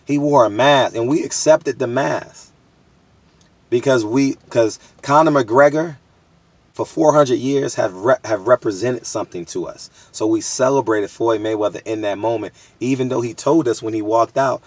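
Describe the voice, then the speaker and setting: A man's voice: medium pitch, moderate pace, darkish tone, dry recording. Emphatic man ranting to camera. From United States. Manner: emphatic, repetitive, street-casual. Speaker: boxing media vlogger. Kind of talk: candid monologue to camera.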